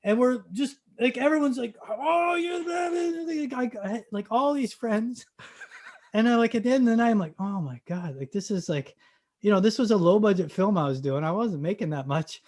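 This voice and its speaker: High-voiced man telling stories. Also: brisk. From Canada. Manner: animated, loud acted-out storytelling. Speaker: actor guest. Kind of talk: casual podcast storytelling.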